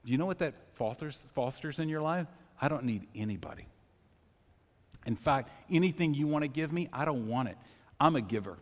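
A man's voice: medium pitch, animated, brisk, big-room sound. A man preaching a sermon as pastor, talking casually, telling personal stories and putting questions to the congregation. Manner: conversational, personal storytelling, asks the congregation questions. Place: church sanctuary.

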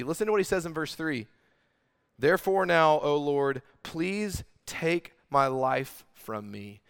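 A man preaching a sermon in earnest, animated style, asking the room rhetorical questions. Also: mid-range voice, clear, resonant tone. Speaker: pastor. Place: large room with congregation.

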